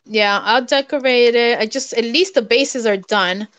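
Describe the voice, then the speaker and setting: High-voiced easygoing woman crafter. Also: a little slow, clean tone, no echo. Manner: relaxed, easygoing, repeats herself. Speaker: crafting stream host. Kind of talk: casual chat and craft tips.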